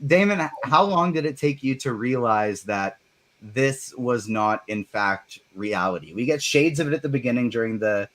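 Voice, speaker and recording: A man's voice: mid-range voice, animated, moderate pace, fairly bright tone. A man hosting a live chat show, upbeat and laughing between his points. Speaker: show host. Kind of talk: casual chat.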